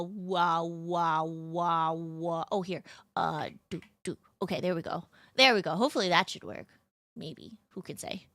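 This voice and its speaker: Bubbly, bright-voiced young woman streamer. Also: lowish voice, no echo. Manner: bubbly, rambling, cutesy slang. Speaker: VTuber streamer. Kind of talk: casual live-stream chat.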